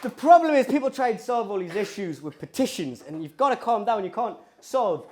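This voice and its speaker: A male stand-up comedian with a Geordie accent works the audience in a chatty, provocative manner. His voice sits fairly high and moves animatedly up and down. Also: a little fast, a faint crowd, a little hiss or hum. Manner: lively, provocative, conversational.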